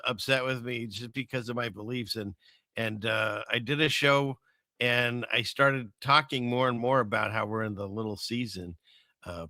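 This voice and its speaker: A man's voice: mid-range voice, pushed and bright, no room sound, studio quality. A man hosting a casual livestream, rambling through viewer comments and chuckling often between remarks. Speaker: livestream host.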